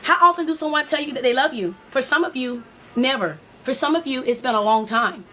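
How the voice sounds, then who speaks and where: A woman's voice: sits high, brisk, fairly bright tone, slight background noise. A woman life coach giving a preachy, motivational talk to women, speaking straight to her viewers and repeating her points.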